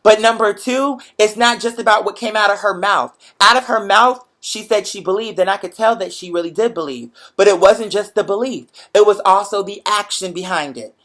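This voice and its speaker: A young man hosting a show, chatting to viewers in a lively, profane, motivational storytelling way. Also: high voice, normal speed, few pauses. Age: young adult. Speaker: show host. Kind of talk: casual livestream chat to viewers.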